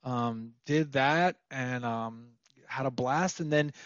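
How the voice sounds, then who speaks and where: A young man from Minnesota, a podcast guest, telling stories in a laid-back, slangy, animated way. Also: medium pitch, slow pace, no room sound, lo-fi sound. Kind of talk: casual storytelling interview.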